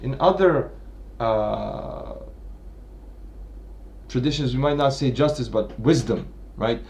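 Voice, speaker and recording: A man thinking aloud through a literary analysis at a medium pitch. He keeps restarting his phrases and checks in with a steady "right?" after each point. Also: slow, a little hiss or hum. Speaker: literature commentator. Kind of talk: unscripted analytical lecture.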